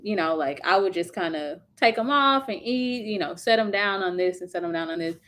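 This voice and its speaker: In a medium-pitched, fairly bright voice, a woman chats with her livestream viewers from home. She reads their comments and reacts sympathetically, speaking loosely with lots of fillers.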